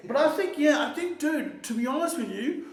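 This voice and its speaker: A man's voice: very high-pitched, animated, a little fast, reverberant. A young man in a casual street interview, telling stories in a rambling way, swearing freely and often restarting his sentences.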